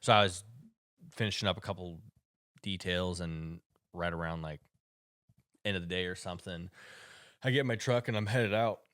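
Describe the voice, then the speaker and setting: A podcast co-host with a low voice tells a personal story in casual chat, animatedly acting out the people he quotes. He speaks at a moderate pace with long pauses, and the studio sound is clean with no echo.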